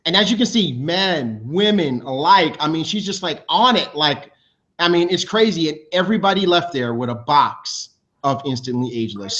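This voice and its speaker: A man hosting a team video show, announcing awards with high energy, talking fast and restarting his sentences. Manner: energetic, hyped, talks fast with loose restarts. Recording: dull lo-fi sound.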